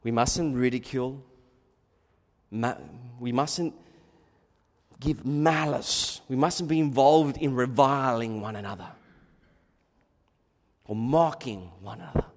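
A man preaches slowly and deliberately, drawing out his words. He drops to quiet, musing asides and then builds to loud, fervent exhortation. His voice rings with a long reverb, as if recorded in a large hall. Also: medium pitch. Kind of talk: expository sermon.

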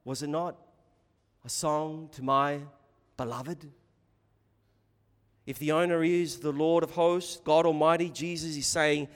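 A man preaching an expository sermon, swinging between loud emphatic bursts and quiet hushed asides. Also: on the high side, fairly even intonation, measured pace, long pauses. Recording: long hall reverb.

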